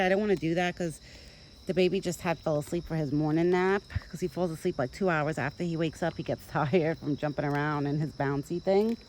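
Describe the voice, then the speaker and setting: On a low-quality recording with a little hiss or hum, a young woman talks fairly quickly to her phone camera while feeding a deer outdoors in a rural yard. Her voice sits on the low side, a little mellow, with fairly even intonation, as she rambles and speaks fondly to the animal. Insects and countryside ambience play behind her.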